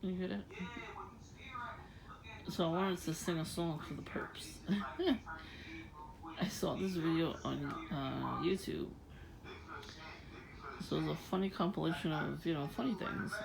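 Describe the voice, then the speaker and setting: A low, gravelly woman's voice runs through a loose, rambling monologue, breaking into laughter again and again. Crowd noise murmurs behind her. It sounds like a casual recording made outdoors at night. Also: measured pace, long pauses, poor audio. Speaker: vlogger.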